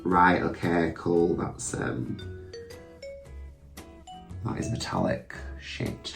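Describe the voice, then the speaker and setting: A young man talks casually through a drag makeup routine, joking at his own expense and swearing now and then. His voice sits low. The room gives an echo, with faint music behind him. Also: very slow, creaky, distant mic. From England. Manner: chatty, self-mocking, sweary asides. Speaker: drag queen vlogger. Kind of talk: casual makeup tutorial chat.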